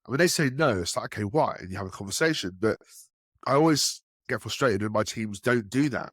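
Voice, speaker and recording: Fairly quick in delivery, the man tells enterprise sales stories on a casual podcast, animatedly acting out the characters by raising his pitch. The studio-quality recording has no room sound.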